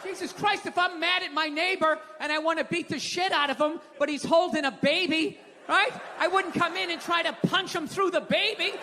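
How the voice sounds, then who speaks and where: A middle-aged man doing stand-up comedy, ranting loudly with profanity and dropping to mumbles between yells. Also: very high-pitched, brisk. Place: large theater stage. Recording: live theater recording with long hall reverb and crowd noise. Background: audience laughter and applause.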